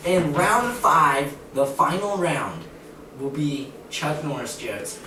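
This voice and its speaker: A man's voice: on the high side, expressive, slow, bright, forceful tone. A young man casually setting up a joke challenge and telling jokes in a loose, rambling way. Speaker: channel co-host. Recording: distant echoey room with noise behind.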